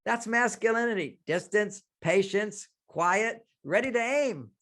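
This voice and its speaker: Animated older man telling stories. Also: sits high, measured pace. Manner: animated storyteller, acts out quotes, laughs often. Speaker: guest relationship expert. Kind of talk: radio interview, explaining with stories.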